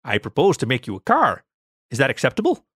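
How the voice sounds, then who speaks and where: A man's voice: mid-range voice, wildly swooping pitch, fast talker, a bit bright, husky, dry recording, clean studio sound, exaggerated voice. A man voicing a formal alien transmogrifier machine that speaks in stiff, precise, polite phrasing.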